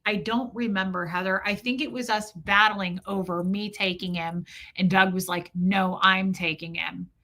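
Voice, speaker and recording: Bright-voiced woman hosting a live stream. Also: medium pitch, steady tone, moderate pace. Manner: candid, emotional, swears freely, frequent restarts. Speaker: livestream host. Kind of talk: casual live-stream talk, reading chat.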